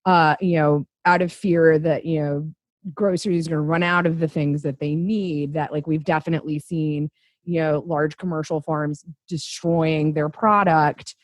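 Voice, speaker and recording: A woman's voice: low voice, steady tone, moderate pace, no room sound. A woman co-hosting a podcast, blunt and wry, swearing and filling her talk with "like" and "you know". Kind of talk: casual podcast chat.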